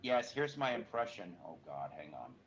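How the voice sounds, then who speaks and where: A man's voice: lowish voice, big pitch swings, moderate pace, breathy edge. A man co-hosting a comedy podcast, bantering playfully and slipping into mock announcer voices. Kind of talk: joking banter.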